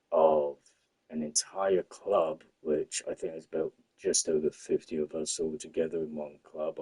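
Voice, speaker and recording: A man's voice: a bass voice, a little mellow, husky, rough recording. A young man telling a rambling, sweary story with lots of fillers while he plays a game. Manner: rambling, sweary, many fillers like "you know" and "obviously". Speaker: gaming streamer. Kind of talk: casual storytelling while gaming.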